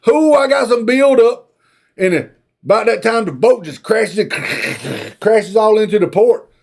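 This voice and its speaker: A man's voice: high voice, expressive, measured pace, vocal fry. A man, retelling a movie plot as a rambling, folksy comic story. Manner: rambling, folksy, drawling asides.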